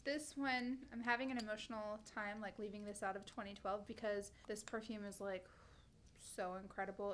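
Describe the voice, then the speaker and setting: A beauty vlogger in her thirties reviews perfumes while chatting casually to camera, gushing enthusiastically and stumbling over names. Her voice is medium-pitched, with slight background noise.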